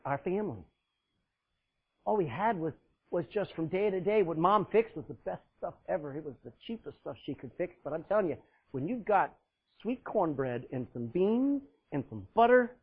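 A man with a fairly high, husky voice preaches a sermon, swinging between loud, urgent bursts and hushed, low passages. The sound is thin and tinny, like a phone line.

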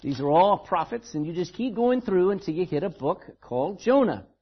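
A man's voice: sits high, lively intonation, moderate pace, husky, lo-fi sound. A man preaching a sermon in a church, telling the story dramatically and with emphasis. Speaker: pastor.

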